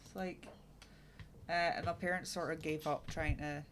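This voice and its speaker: A woman's voice: low-pitched, fairly even intonation, moderate pace. A woman in her thirties streaming a game, chatting casually and frankly with lots of fillers. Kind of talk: casual chat while gaming. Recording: noisy, keyboard clicks behind.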